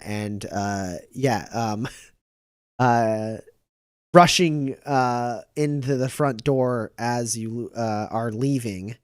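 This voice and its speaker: A man running a tabletop game as game master, narrating in a relaxed way with many fillers. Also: mid-range voice, clean tone, dry recording, studio quality.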